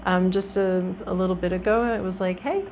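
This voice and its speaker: A woman's voice: fairly low pitch, flat delivery, a little fast, noisy background. A woman giving a casual tarot reading to her viewers, talking in a chatty, reflective way with frequent ums and restarts. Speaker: tarot reader.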